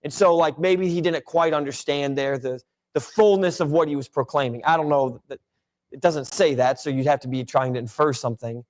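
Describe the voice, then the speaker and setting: Chatty higher-voiced man leading Bible class. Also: fairly quick, a little mellow. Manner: conversational, rambling with fillers and restarts. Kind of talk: casual Bible class discussion. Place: church classroom.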